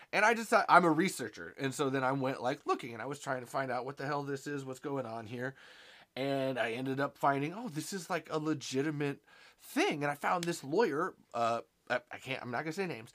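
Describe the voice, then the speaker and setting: A young man chatting on a live stream, excitable and rambling, swearing often as he talks. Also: a little high. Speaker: podcast host on a live stream. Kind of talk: casual live-stream chat.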